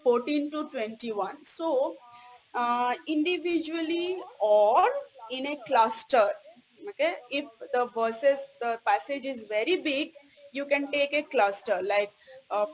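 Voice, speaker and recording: A woman's voice: fairly high pitch, low-quality recording. A woman giving a recorded theology course lecture, stressing key words and checking in with "okay?" after each point.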